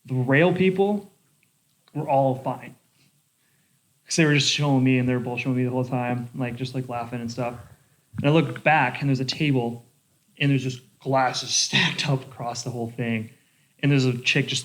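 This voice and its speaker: A young adult man telling a bar story in casual chat, animated and swearing a lot, with lots of "like". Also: mid-range voice, moderate pace. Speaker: bartender podcast host.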